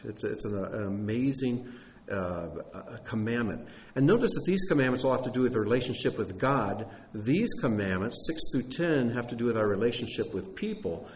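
Middle-aged male preacher, earnest teaching sermon, mid-pitched voice, rises on key points. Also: slight background noise, poor audio.

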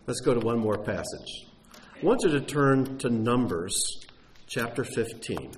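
Middle-aged male preacher, earnest teaching sermon, mid-pitched voice, rises on key points. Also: expressive, a little slow, a little hiss or hum, poor audio.

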